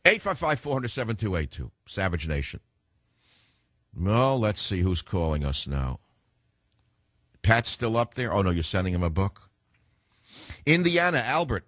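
A man's voice: lowish voice, fairly bright tone, no room sound. An opinionated male talk radio host with a mid-range voice who argues hard and cuts his callers off. The sound is dry and close, with no room around it. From San Francisco, USA.

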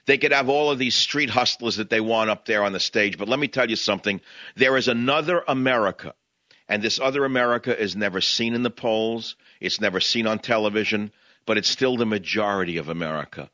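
A radio host from New York, speaking with a New York accent in a fiery, combative manner. His voice is forceful and bright, a little low in pitch. The studio sound is dry and slightly muffled. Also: fairly quick, no echo. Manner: impassioned, combative ranting. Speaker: radio talk show host. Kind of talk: talk radio monologue. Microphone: studio microphone, dry.

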